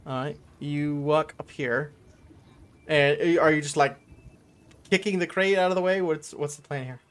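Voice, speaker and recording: A man narrating as game master in a tabletop game, casual and relaxed, swearing now and then. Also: fairly high pitch, normal speed, clear, resonant tone.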